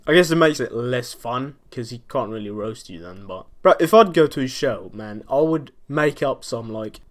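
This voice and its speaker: A man hosting a reaction video, casual and slangy, laughing a lot and swearing as he comments. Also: mid-range voice.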